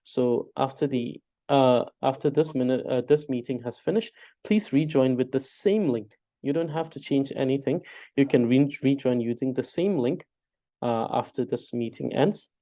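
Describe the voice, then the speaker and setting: A man's voice: mid-range voice, normal speed, warm tone. A man teaching an online spelling lesson over a video call, hesitant with many filler sounds, drilling syllables aloud one by one. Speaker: language teacher.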